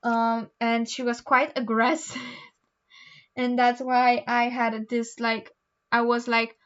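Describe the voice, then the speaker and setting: A woman's voice: on the high side, level tone, slow, clean tone, dull audio. A teenage girl with a Polish accent, rambling casually through homework with lots of ums and restarts. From Poland. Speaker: vlogger. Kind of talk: casual chat while doing homework.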